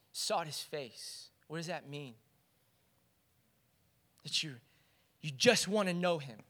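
A man's voice: on the high side, sharp tone. A man preaching a sermon as pastor, earnest and building into fervent exhortation.

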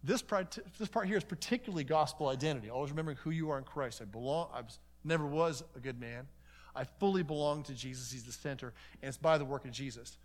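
Fast, animated man teaching a seminar. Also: medium pitch. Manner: animated storytelling, acts out conversations; conversational, with many asides. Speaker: conference seminar speaker.

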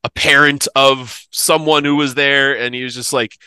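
A man's voice: mid-range voice, fairly even intonation, normal speed, hardly any pauses, sharp tone, clear, resonant tone, dry recording. A man in his thirties from the Philadelphia area, telling a profane comic story on a podcast and laughing often. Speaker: podcast host. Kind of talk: casual comedic storytelling.

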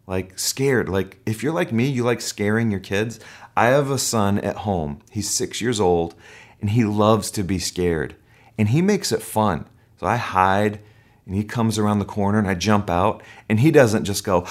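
A man's voice: on the low side, moderate pace. A man preaching a sermon, telling stories with animation and acting out voices. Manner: animated storytelling, acts out voices. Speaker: pastor.

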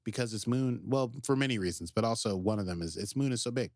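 A podcast co-host with a fairly low voice recaps a TV episode in laid-back chat, speaking fast and growing animated, his pitch leaping up at plot twists as he slips into quoted character voices. The recording is dry and close-miked, with no room sound at all.

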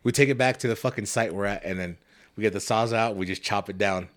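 A young man with a lowish voice tells a rambling work story on a podcast, swearing freely. He talks casually and keeps breaking into laughter as he goes. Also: quick pace. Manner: profane, storytelling, prone to laughing fits. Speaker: podcast host. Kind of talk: casual chat.

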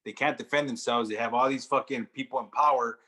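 A man's voice: medium pitch, steady tone, fast talker, bright, forceful tone. A man co-hosting a radio talk show, blunt and swearing freely as he rambles through his opinions. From Mexican-American. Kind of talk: casual podcast chat. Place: radio studio.

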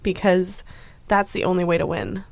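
A woman's voice: lowish voice, steady tone, moderate pace, gravelly, no room sound. Earnest reassuring woman podcaster, dry sound. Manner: earnest, reassuring, sometimes exasperated. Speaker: podcast co-host. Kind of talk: casual chat.

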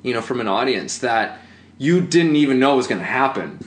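A man's voice: mid-range voice, lively intonation, moderate pace. A man who acts, chatting casually and telling a theater story, rambling with lots of fillers and restarts. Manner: rambling, many fillers and restarts, laughs often. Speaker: actor. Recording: roomy echo.

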